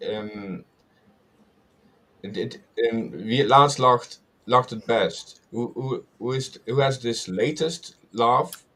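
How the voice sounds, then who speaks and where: A man with a Dutch accent, a native Dutch speaker, halting and searching for words in a casual spiritual talk. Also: mid-range voice, fairly bright tone. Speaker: guest devotee.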